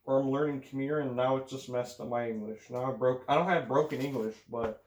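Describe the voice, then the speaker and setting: A man's voice: medium pitch, steady tone, fairly quick, a little mellow. Man, Midwestern-Southern accent, home vlogger, rambling chatty delivery with lots of ums and restarts. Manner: chatty, meandering, many fillers and restarts. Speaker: racing channel host. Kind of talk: rambling casual vlog commentary. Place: home room with windows.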